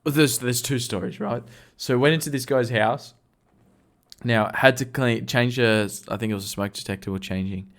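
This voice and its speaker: A man's voice: mid-range voice, normal speed, fairly bright tone. A man co-hosting a podcast, telling rambling work stories full of slang and swearing. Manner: profane, rambling, heavy slang. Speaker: podcast co-host. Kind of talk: casual storytelling.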